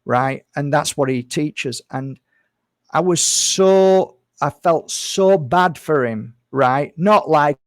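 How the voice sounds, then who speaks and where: A man's voice: fairly high pitch, takes it slowly, no echo, studio quality. A man talking casually to camera as a healer and vlogger, earnest and rambling, repeating his phrases and calling his viewers "guys.".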